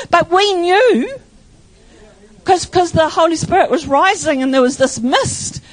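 High-voiced older woman pastor, rambling. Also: animated, normal speed, no room sound. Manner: rambling, emotional storytelling. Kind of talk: church testimony.

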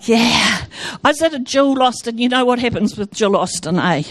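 High-voiced New woman telling a testimony. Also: moderate pace, slight background noise. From New Zealand. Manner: animated, breaks off and restarts sentences often. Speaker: speaker giving a Christian testimony. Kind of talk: storytelling testimony to an audience.

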